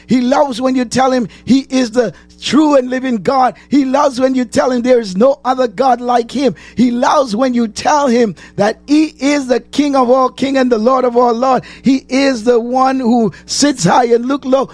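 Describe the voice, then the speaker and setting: A man preaching a sermon, asking the congregation questions and answering them, repeating phrases and rising to shouts. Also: very high voice, steady tone, moderate pace, hardly any pauses, no room sound, soft background music.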